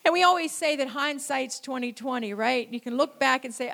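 Telling her sermon like a story, this middle-aged female preacher leans on "you know" and slow, repeated phrases to drive points home. She speaks high with some vocal fry and a slightly bright tone.

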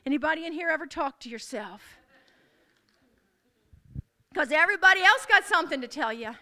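Woman preacher, very high bright voice, declaring and repeating calls to a congregation. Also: animated, normal speed. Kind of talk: sermon.

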